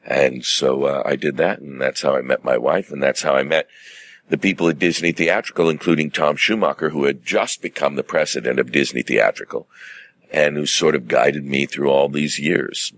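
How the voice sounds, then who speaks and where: A middle-aged man, a stage actor, telling stories in a relaxed, measured way as an interview guest. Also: extremely low pitch, dry recording. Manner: measured, theatrical anecdote-telling with acted-out quotes.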